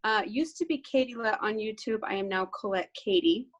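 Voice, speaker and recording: A woman's voice: mid-range voice, a little fast, highs cut off. A woman guest in a casual reunion chat, emotional and giggly, rambling as she speaks. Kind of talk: casual group video chat.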